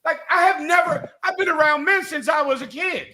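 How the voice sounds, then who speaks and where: A man hosting a live talk show, mocking and animated as he rants. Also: extremely high pitch, brisk. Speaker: host. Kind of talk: heated live radio commentary.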